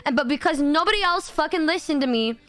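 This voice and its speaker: High-pitched animated young woman streamer. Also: quick pace. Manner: animated, swearing, laughing often. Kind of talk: casual stream chat.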